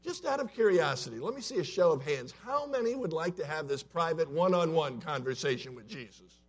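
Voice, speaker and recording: A man in a church sanctuary preaching a sermon, conversational and story-driven, swinging between loud and soft. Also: a little high, animated, fairly quick, slightly rough. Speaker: pastor.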